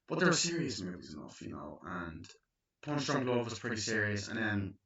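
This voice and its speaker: A man's voice: on the low side, fairly bright tone. A young man rambling through a casual movie review, joking and acting out scenes as he goes. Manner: rambling, jokey, acts out scenes. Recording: dull lo-fi sound.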